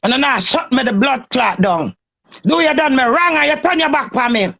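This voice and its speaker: A woman's voice: sits high, lively intonation, moderate pace, gravelly, fairly bright tone. A Jamaican woman in a heated, cursing, confrontational rant on a phone live stream.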